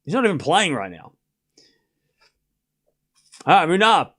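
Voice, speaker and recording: Man, high voice, live tennis commentary, chatty, excitable. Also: unhurried, breathy edge. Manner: excitable play-by-play, chatty, laughs often. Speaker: streamer host.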